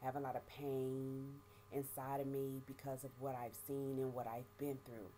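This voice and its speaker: A middle-aged woman giving a halting, emotional personal testimony, often repeating words and speaking of her faith. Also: extremely low pitch, level tone, warm tone, soft background music. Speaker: vlogger sharing life after prison.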